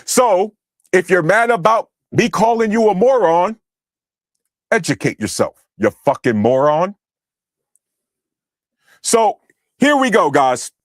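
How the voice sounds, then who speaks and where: Angry guy streamer yelling at his chat, cusses a lot, pretty high voice, dry sound. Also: animated, measured pace, dry recording. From United States. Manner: heated, profane, berating. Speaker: livestream host. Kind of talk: angry livestream rant at chat.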